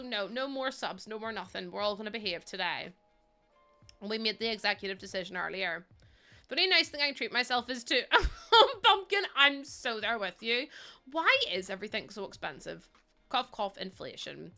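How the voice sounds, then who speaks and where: Bright, chatty young woman streamer. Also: mid-range voice. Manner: chatty and teasing, laughs often, reads out chat. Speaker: game streamer. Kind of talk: casual live-stream chat.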